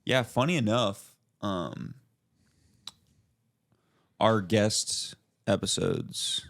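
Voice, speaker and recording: A man's voice: fairly low pitch, very slow, vocal fry, fairly bright tone, no echo, studio quality. A man co-hosting a podcast in casual, teasing banter. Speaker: podcast co-host. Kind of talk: casual chat.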